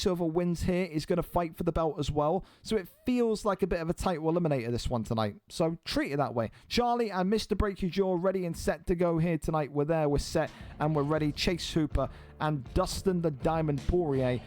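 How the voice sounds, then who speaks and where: A man's voice: sits high, darkish tone. A man hosting and commentating an online fight league live stream, blunt and exasperated, swearing freely.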